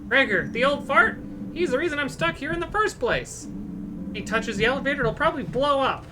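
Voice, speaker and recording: A woman's voice: high-pitched, lively intonation, fairly quick, noisy background, pitched above the performer's own voice. Woman doing a cranky trapped young man. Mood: angry. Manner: whiny and hot-tempered. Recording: game music playing behind.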